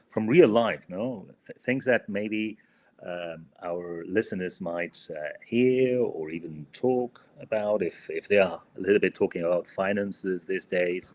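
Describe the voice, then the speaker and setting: A man co-hosting a podcast English lesson, hesitant and full of fillers, often adding "no?" to his sentences. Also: low voice. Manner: hesitant, many fillers and tag "no?". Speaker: co-host and English teacher.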